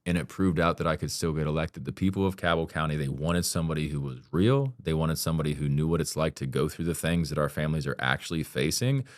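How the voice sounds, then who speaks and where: A man's voice: rumbling low, quick pace, hardly any pauses, no room sound, studio quality. A man speaking as a podcast guest in a casual interview, blunt and candid, swearing freely and talking with earnest emphasis.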